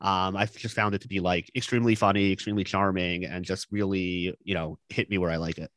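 A man on a podcast recommending movies in casual chat, earnest and halting, with many fillers and restarts. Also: low voice, steady tone, a bit bright, dry recording.

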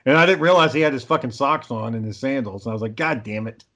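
A man's voice: medium pitch, racing, a bit bright. Rambling, swearing man. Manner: rambling storyteller, heavy swearing. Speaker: amateur filmmaker. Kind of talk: casual chat.

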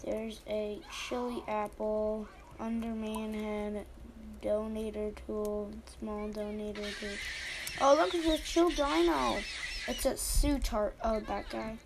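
A woman's voice: medium pitch, steady tone, slow pace, noisy background. A young woman rambling through casual, silly game commentary, easily surprised, with game music playing behind.

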